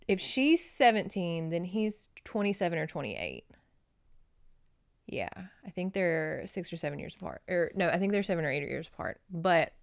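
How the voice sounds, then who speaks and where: A woman's voice: fairly low pitch, no echo, studio quality. Chatty Louisiana Southern woman host. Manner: rambling, excitable, laughs often, talks straight to viewers. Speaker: book review channel host. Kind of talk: casual chatty monologue to camera.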